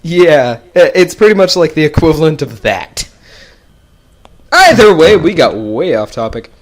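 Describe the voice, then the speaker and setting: A man's voice: fairly high pitch, animated, moderate pace, darkish tone. A young man hosting a casual gaming podcast, rambling and laughing as he goes. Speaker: podcast host. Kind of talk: casual chat.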